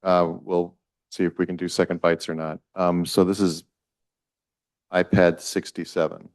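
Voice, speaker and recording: Deep-voiced man chairing a meeting. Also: little pitch movement, no room sound. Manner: brisk, matter-of-fact, wry. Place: town council chamber.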